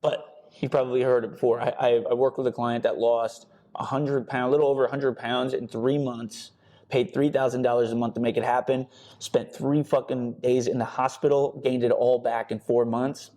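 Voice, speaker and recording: A man's voice: medium pitch, dark tone. A man hosting a fitness podcast, talking bluntly and casually with lots of swearing and emphatic repetition. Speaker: podcast host and personal trainer. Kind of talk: casual motivational podcast talk.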